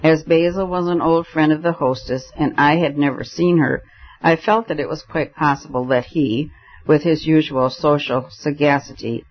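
A man's voice: on the high side, fairly even intonation, normal speed, dull audio. A man reading a story aloud as an audiobook narrator, giving the characters light voices in the dialogue. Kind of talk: scripted narration.

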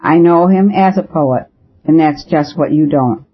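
A man reading the lines of an eager, excitable young American man, quick and emphatic. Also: fairly high pitch, slightly rough. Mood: impassioned. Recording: dull lo-fi audio.

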